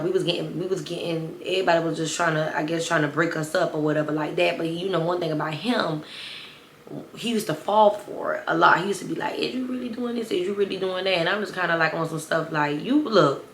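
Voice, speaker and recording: A woman's voice: low voice, a bit bright. A young woman in a casual storytime vlog, talking emphatically to viewers. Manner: chatty, emphatic, addresses viewers as y'all. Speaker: storytime vlogger. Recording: roomy echo, faint ambient noise.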